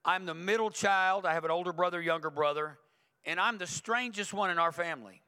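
Bright-voiced preacher. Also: male voice, high voice, brisk, smooth, big-room sound. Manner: conversational, emphatic preaching with repetition. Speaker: pastor. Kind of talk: sermon. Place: church sanctuary.

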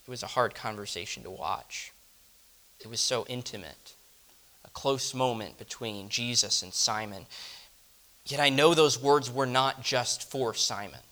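A man delivering a first-person dramatic monologue, reflective and often dropping to a hush. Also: mid-range voice. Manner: reflective, dropping to hushed tones. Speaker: storyteller.

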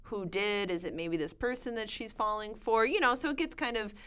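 A woman co-host chatting about books she loves, gushing with enthusiasm. Her voice is smooth and clear, at an ordinary pitch for a woman. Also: brisk, a bit bright. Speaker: podcast co-host. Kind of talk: casual book recommendation chat.

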